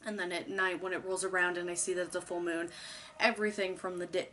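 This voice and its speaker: A woman's voice: on the low side, little pitch movement, fast talker, pushed and bright, slight background noise. A young woman YouTuber talking casually to camera, chatty and rambling, candid and loose, swearing now and then.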